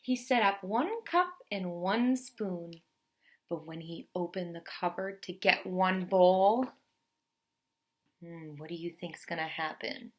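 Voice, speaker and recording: A young woman teacher reading a picture book aloud to children, expressive and pausing to ask questions. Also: lowish voice. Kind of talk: children's story read-aloud.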